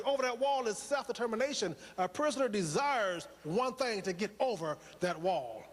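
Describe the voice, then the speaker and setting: A man's voice: very high voice, a bit bright, big-room sound. A man giving a motivational speech to a live audience, preaching with rhetorical questions and repetition. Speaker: motivational speaker.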